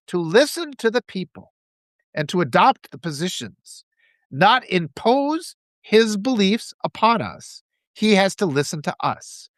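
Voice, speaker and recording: Impassioned man ranting with lively pitch. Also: dry recording. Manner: passionate, ranting, quotes opponents in mocking voices. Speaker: political commentator. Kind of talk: impassioned political monologue.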